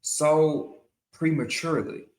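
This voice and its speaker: A man's voice: on the high side, slow pace, darkish tone, roomy sound. A man hosting his own show, giving earnest opinion commentary in a monologue and often repeating and restarting his phrases. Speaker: show host.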